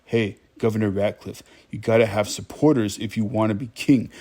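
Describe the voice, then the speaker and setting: A man's voice: fairly low pitch, fairly even intonation, moderate pace, a little mellow. A man giving a casual, wry movie recap, chatting directly to his viewers.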